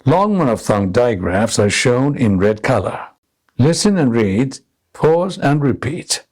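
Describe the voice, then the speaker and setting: A man reads a scripted language lesson at a very unhurried pace, setting out each point with care. His pitch sits in a middle range for a man, and his delivery stays measured and clear. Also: big pitch swings, a little mellow. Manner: slow, deliberate explanations. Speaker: English teacher.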